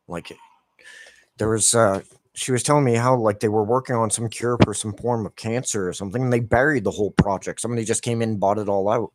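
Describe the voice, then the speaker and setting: Man, forties, gaming youtuber, angry rambling rant, constant swearing, fairly low voice. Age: 40s. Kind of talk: casual ranting while playing a game.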